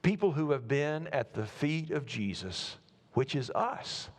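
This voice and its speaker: Earnest preacher in a reverberant church. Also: male voice, mid-range voice, lively intonation. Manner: earnest, rises to emphatic repetition, then drops to slow quiet words. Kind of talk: sermon. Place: church sanctuary.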